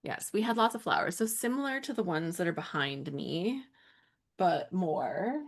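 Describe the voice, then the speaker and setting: A woman with a Western Canadian accent co-hosting a live crafting stream, chatty and quick to laugh. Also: on the low side, expressive. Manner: giggly, chatty, laughs often. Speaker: co-host of a live scrapbooking stream. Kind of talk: casual chat.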